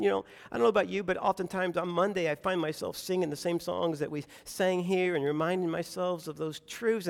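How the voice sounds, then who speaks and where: High-voiced guy preaching, all fired up, acting out prayers, lots of echo in the church. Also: gravelly. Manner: impassioned, voices anguished prayers, repeats phrases. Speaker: pastor. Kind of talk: sermon. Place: church sanctuary. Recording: long hall reverb.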